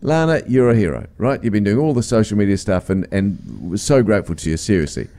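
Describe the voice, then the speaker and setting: A man hosting breakfast radio, teasing his co-host and breaking into laughs. His voice is mid-pitched but swings up and down freely, animated and expressive. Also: fast talker. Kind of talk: casual radio banter.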